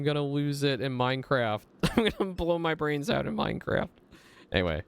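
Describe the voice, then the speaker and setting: A man with a mid-range, expressive voice, gravelly yet smooth, streams a story game at a moderate pace. He chats casually to himself as he plays and reads the game's dialogue aloud.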